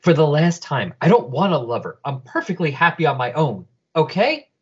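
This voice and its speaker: A man's voice: on the high side, sing-song, a little fast, slightly rough, exaggerated voice. A man voicing a cool, independent woman who speaks firmly and dismissively, on a dull lo-fi recording. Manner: dismissive, firm.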